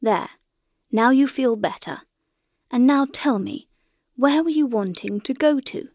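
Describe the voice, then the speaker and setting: A woman voicing a kind, calm older male doctor in an audiobook, speaking gently and soothingly. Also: a little high, moderate pace, no room sound, studio quality, natural voice. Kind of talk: audiobook character reading.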